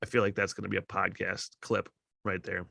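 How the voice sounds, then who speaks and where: Man, middle-aged, podcast host, profane, rambling, gets loud, dry close mic. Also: sits low, flat delivery, fairly quick, creaky, slightly rough, dry recording. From Michigan. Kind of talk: casual solo podcast rant.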